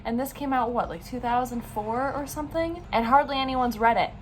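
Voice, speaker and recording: A woman's voice: fairly high pitch, fairly quick, a little hiss or hum. A young adult woman vlogging in a bubbly, gushing way, full of "like" and "oh my gosh". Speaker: book vlogger. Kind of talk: casual vlog chat.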